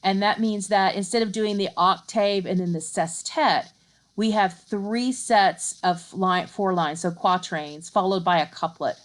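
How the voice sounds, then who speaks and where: A middle-aged woman giving a recorded university literature lecture, explaining in a conversational way, often asking "right?" and reading poetry aloud slowly. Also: fairly low pitch.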